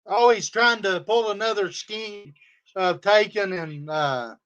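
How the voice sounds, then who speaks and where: High, sharp-voiced man ranting angrily. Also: takes it slowly, clear, resonant tone. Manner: profane, heated, repetitive insults. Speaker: livestreamer. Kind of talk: angry livestream rant. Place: home studio.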